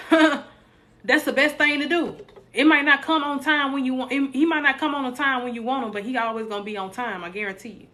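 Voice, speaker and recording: A woman's voice: sits high, a little fast, pushed and bright. A young adult woman, hosting a casual live stream, joking with viewers and preaching encouragement.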